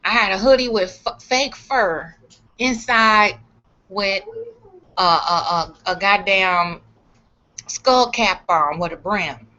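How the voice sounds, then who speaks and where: Profane, animated woman storyteller. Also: medium pitch, slow pace. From Chicago. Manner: profane, animated, acts out other people's lines. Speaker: vlogger. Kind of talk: casual storytelling rant. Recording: dull lo-fi sound.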